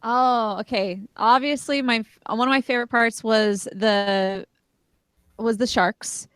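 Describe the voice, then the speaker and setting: A woman's voice: fairly high pitch, steady tone, measured pace, clean tone, dry recording. Female podcast co-host, friendly, laughs often, dry close recording. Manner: friendly, laughs often, talks in loose run-on sentences. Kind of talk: casual podcast chat.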